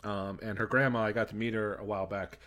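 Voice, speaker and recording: American guy hosting, bright voice, lots of swearing and laughing. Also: lowish voice, quick pace. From United States. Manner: animated, swearing, laughing storyteller. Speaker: podcast host. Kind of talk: casual chat.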